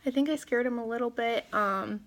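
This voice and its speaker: Talking brisk in a slightly high, fairly bright voice, a vlogger in her thirties pours out her feelings to her phone. She's emotional and near tears, struggling to keep composed, with laughter breaking through her words.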